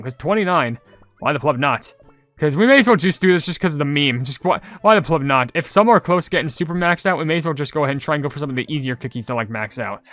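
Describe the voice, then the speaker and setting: A young man casually commenting on his gameplay and reading viewer comments, chatty and rambling, getting loudly excited over loot. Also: fairly high pitch, no room sound. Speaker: gaming channel host.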